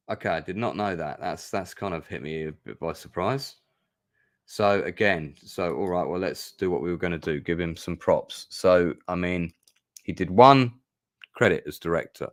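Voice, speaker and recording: A man with a fairly low voice hosts a casual film review stream. He rambles and hesitates, filling gaps with ums and uhs, and drifts into emotional asides. The sound is dry and close, with no room echo. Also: normal speed. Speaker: host.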